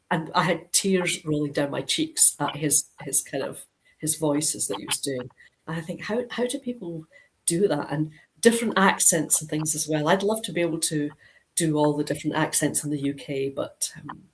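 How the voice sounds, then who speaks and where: A woman's voice: low-pitched, a little hiss or hum, rough recording. A middle-aged Scottish woman from Dundee, an author chatting on a video call, rambling with lots of ums and restarts. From Scotland (Dundee). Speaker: crime author, guest. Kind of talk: casual video-call interview.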